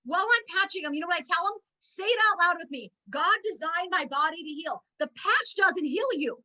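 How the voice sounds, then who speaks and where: A woman's voice: very high-pitched, lively intonation, a little fast, sharp tone, highs cut off. A middle-aged woman giving an emotional, preachy motivational talk at a network marketing meeting. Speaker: network marketing team leader.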